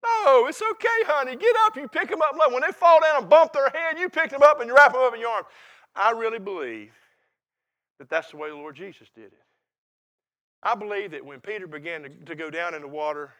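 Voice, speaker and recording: An older man preaching a sermon in a folksy, emphatic way, swinging between quiet reflection and loud, laughing energy. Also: high voice, a little fast.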